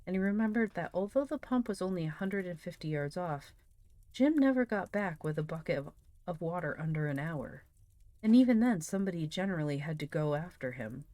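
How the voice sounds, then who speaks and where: A woman reading a classic novel aloud on a live stream, with measured narration and chatty asides to viewers. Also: fairly low pitch, animated, mellow, no echo.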